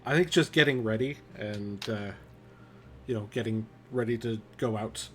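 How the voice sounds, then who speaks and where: A man playing in a tabletop game, speaking in character in a relaxed, hesitant way. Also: lowish voice, normal speed, soft background music. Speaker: player. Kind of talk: casual in-character play.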